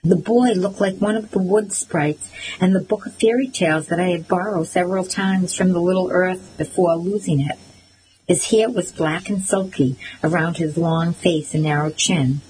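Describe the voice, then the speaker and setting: Woman reading a story in first person, steady pace, faint hiss behind. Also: lowish voice, normal speed, poor audio. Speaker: audiobook narrator.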